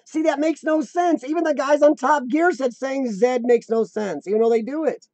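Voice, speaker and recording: A rambling, joking American man chats on his live stream, his voice pitched high with a mellow, dark edge. The sound is dry and close, with no room echo. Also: normal speed. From United States. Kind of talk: casual live-stream chat.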